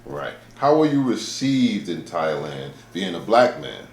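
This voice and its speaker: A man's voice: sits low, sing-song, unhurried, echoey room. A man interviewing a guest casually, asking questions and giving short encouraging replies. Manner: brief, encouraging affirmations.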